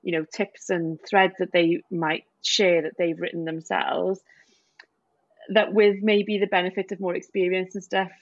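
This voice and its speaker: A woman's voice: on the low side, flat delivery, measured pace, no echo, muffled recording. A woman doctor co-hosting a casual podcast chat, talking loosely with lots of fillers and hedges. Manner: chatty, hedging with many fillers.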